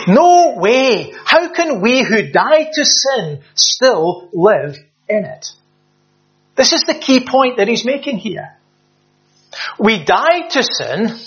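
A man's voice: high voice, gravelly, bright, forceful tone. A man preaching a sermon in an earnest, emphatic way, often restarting his words. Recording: slightly dull lo-fi sound.

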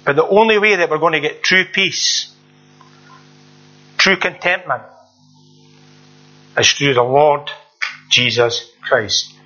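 Brief: earnest male preacher, high and bright voice, plain repetitive delivery, dull lo-fi recording. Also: takes it slowly, pauses often, faint music behind. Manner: earnest, repetitive, conversational preaching with rhetorical questions. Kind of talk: sermon.

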